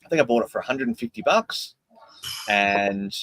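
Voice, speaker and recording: An Australian man in relaxed casual chat, joking and swearing casually. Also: fairly low pitch, moderate pace, poor audio.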